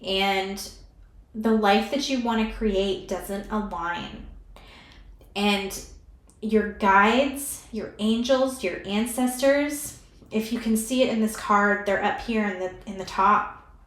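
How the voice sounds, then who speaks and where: A woman giving a pick-a-card tarot reading in a soft, soothing way, emotional and close to tears as she talks straight to the viewer. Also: mid-range voice, slow pace, roomy sound.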